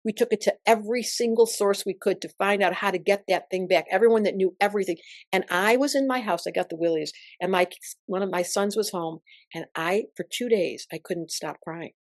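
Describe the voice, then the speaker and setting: An older woman, an astrologer guest in an interview, telling stories in an emphatic, expressive way. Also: medium pitch, a little fast, no echo, clean studio sound. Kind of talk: interview conversation.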